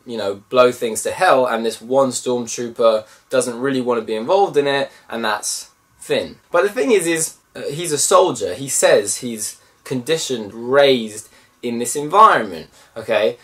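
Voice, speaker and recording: A man giving a casual film review, animated and mimicking voices in bursts. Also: mid-range voice, a little slow, far from the mic.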